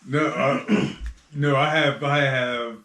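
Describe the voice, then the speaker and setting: A man playing a tabletop game, talking in a halting, unsure way. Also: medium pitch, steady tone, a bit bright, roomy sound, slight background noise. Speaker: player. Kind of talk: casual tabletop game chat.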